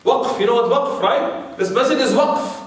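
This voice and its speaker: A man's voice: very high-pitched, moderate pace. A man giving a religious history lecture to an audience, chatty and digressive, full of "you know" and rhetorical questions. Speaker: Islamic lecturer. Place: large room with a live audience. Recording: very echoey hall, mic far off.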